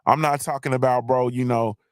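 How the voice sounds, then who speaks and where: A man's voice: mid-range voice, steady tone, brisk, no room sound, clean studio sound. A man hosting a live online show, ranting in a casual, profane, repetitive way. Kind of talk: casual comedic rant.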